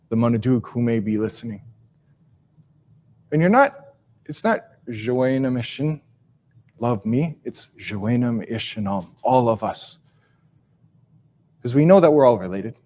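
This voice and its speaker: A man giving a live teaching talk and telling a story, speaking slowly and reflectively, repeating and restarting phrases, his sentences fading softly at the ends. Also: mid-range voice. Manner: slow, reflective delivery with soft, trailing phrase endings; repeats and restarts phrases while searching for words. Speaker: Ojibwe language teacher and speaker.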